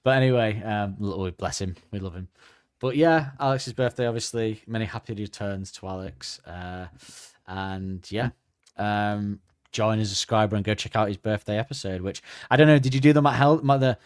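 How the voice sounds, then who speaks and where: A man's voice: on the low side, normal speed, smooth, no room sound, studio quality. A man hosting a podcast, chatting casually and rambling with lots of fillers. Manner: rambling, hesitant, many fillers. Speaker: podcast host. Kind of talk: casual chat.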